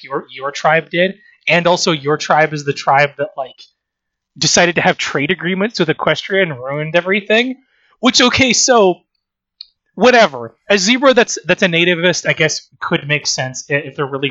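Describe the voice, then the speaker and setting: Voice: medium pitch, pushed and bright, no room sound, muffled recording. A podcast co-host in casual chat, rambling and swearing freely while critiquing a story.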